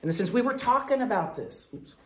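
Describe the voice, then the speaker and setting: A man delivering a Quaker sermon in a storytelling manner, moving between loud bursts and soft, low asides. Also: very animated, fairly quick. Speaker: speaker at a Quaker meeting.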